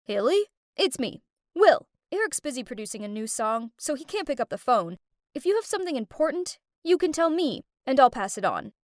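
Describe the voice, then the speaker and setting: Woman doing a calm, matter-of-fact young guy in an animated story, quick and plain. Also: high-pitched, no room sound, clean studio sound. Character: calm young man, a friend relaying news.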